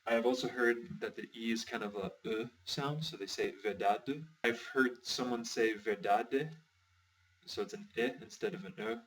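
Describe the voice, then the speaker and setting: A man's voice: medium pitch, fairly even intonation, brisk, hardly any pauses, fairly bright tone. A man teaching a language lesson in a chatty, explanatory way, with light jokes. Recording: distant from the mic.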